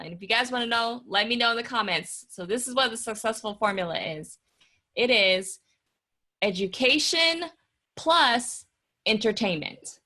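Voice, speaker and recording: A woman's voice: on the high side, animated, moderate pace, bright, forceful tone. A woman hosting a live stream workshop, upbeat and talking straight to her viewers. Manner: upbeat, addresses viewers as guys. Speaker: workshop host.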